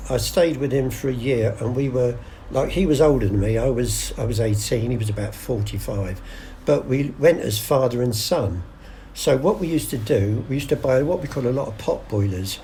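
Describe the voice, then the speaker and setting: In a casual interview, an older man serves as guest storyteller, spinning chatty yarns, acting out the voices of people in them, and restarting often. His mid-range voice has a dark tone, with slight background noise.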